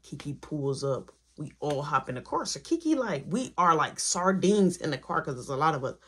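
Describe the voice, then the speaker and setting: A woman with a low, husky voice tells a story to camera in a storytime vlog. Her pitch jumps around wildly as she acts out everyone in it. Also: big pitch swings, normal speed, fairly bright tone.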